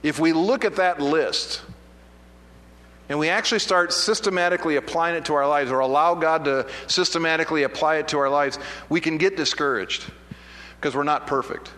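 Male pastor, high and bright, conversational sermon storytelling, long hall reverb. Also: moderate pace. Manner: conversational, self-deprecating storytelling with many restarts.

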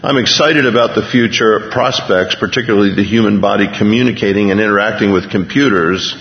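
Low-voiced male pastor in a reverberant hall. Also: fairly quick, gravelly. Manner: conversational preaching, reads news aloud, trails off and restarts. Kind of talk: sermon. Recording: dull lo-fi recording with long hall reverb.

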